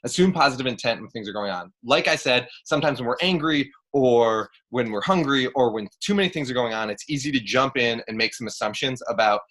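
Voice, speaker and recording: Bright-voiced young man leading a camp training. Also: mid-range voice, a little fast, few pauses. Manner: chatty, joking, many fillers. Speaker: camp director. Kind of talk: casual training talk.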